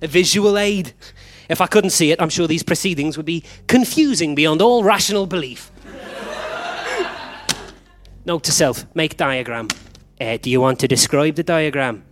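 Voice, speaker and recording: A man acts out a flustered time traveller from a live stage comedy, speaking. His voice sits a little high and swings up and down with lively energy. He bickers in quick, confused exchanges. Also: slight background noise. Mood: confused, bickering. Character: flustered male time traveller meeting copies of himself. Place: theatre stage, recorded live.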